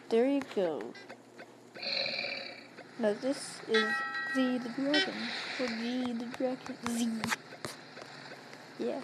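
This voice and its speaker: Woman, playful game commentator, fairly high voice, slow, loud noise bed. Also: fairly even intonation. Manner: playful, giggly, silly. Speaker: gaming video creator.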